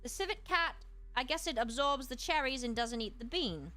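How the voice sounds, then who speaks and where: A woman streamer in casual chat, reading aloud and musing with quick asides to her chat. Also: sits high, lively intonation, sharp tone, faint music behind. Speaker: streamer host.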